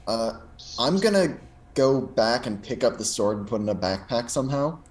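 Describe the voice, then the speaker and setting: Male player, mid-pitched, matter-of-fact, narrates actions step by step. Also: expressive, normal speed. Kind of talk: tabletop game play.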